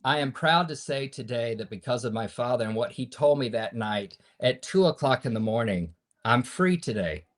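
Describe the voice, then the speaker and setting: A man in his fifties, a podcast guest, telling a personal story in an earnest, preacher-like way that swings between loud and hushed. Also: medium pitch, animated, moderate pace. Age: 50s.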